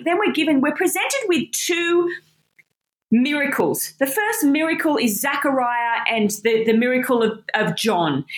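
A woman giving an expressive, emphatic Bible teaching talk in a conversational way. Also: high voice, echoey room, poor audio.

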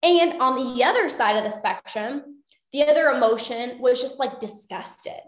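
A woman's voice: high-pitched, lively intonation, normal speed, echoey room. A young adult woman coaching her listeners in a motivational talk, earnest and repeating phrases for emphasis.

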